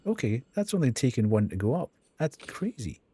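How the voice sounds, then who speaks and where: A man's voice: mid-range voice, very animated, a little fast, background noise. A man streaming a video game live, thinking aloud as he counts and reads out menu options. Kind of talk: casual live gameplay commentary.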